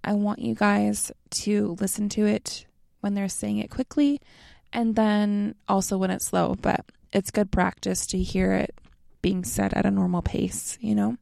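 A young American woman explains a lesson in a slow, relaxed and friendly way. Her voice has a strong gravelly fry and a mellow, warm tone. The recording is close and dry. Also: medium pitch, no room sound. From North America. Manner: slow, relaxed and friendly, addresses listeners as you guys. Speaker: language teacher.

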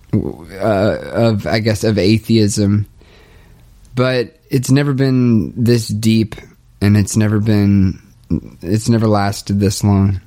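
A young man speaking a hesitant, halting confessional monologue, restarting often and sounding dejected. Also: on the low side, dark tone. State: low and dejected. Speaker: podcaster documenting his spiritual journey.

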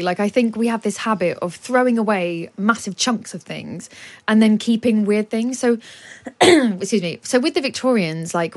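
A woman, a guest author, talking at length in a radio studio with lively explanations and laughs. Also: medium pitch.

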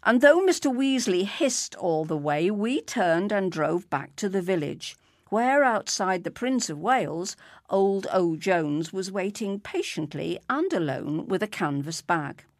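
A woman reads a story aloud at a slow, even pace. Her pitch rises and falls a great deal. The voice is close and dry, with no room sound. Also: no room sound. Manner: expressive, unhurried.

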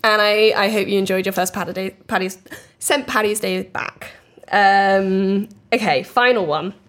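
A woman's voice: medium pitch, a little slow, a bit bright. A woman co-hosting a podcast in casual chat, reading listener stories aloud and laughing easily. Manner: chatty storyteller, laughs easily. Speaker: podcast co-host.

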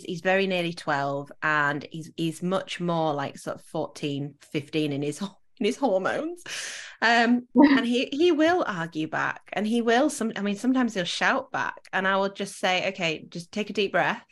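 A woman in her thirties hosting a podcast, telling a story with animated quoted voices and laughs. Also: mid-range voice, normal speed. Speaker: podcast host. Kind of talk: casual conversational interview.

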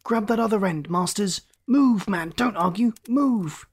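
A man's voice: high voice, a little fast, natural voice. A reader voicing a driven male space captain who barks urgent orders in a storybook reading. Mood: frantic.

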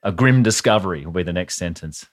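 Very low-voiced Australian man, dry banter. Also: animated, quick pace. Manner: swearing, dry storytelling with wry asides. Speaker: podcast co-host. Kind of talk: casual chat.

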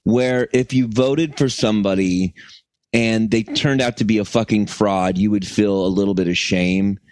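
A man co-hosting a comedy podcast, telling stories in a profane, animated way. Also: on the low side, moderate pace, no room sound. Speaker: podcast co-host. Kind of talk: casual comedic chat.

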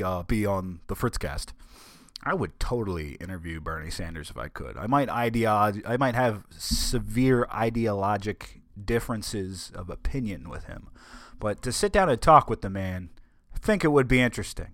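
A man's voice: lowish voice, expressive, normal speed, no room sound, clean studio sound. A man hosting a solo podcast in a casual monologue, rambling, stumbling over his words and making wry asides. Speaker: podcast host.

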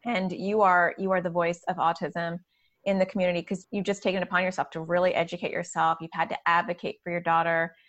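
A woman's voice: on the low side, level tone, fast, a bit bright, dull audio. A woman in her thirties hosting a casual podcast conversation, chatty and upbeat, with plenty of fillers and laughter. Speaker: podcast host and community organizer.

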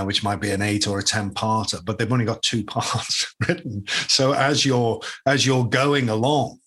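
A man with a husky, slightly breathy voice hosts the conversation. He asks reflective questions and draws on his own experience. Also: lowish voice, a bit bright. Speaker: interviewer, actor. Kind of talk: casual interview.

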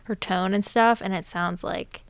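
Smooth-voiced woman of twenty-two with fry. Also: medium pitch, measured pace, dry recording. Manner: relaxed, filler-heavy. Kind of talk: casual chat about music.

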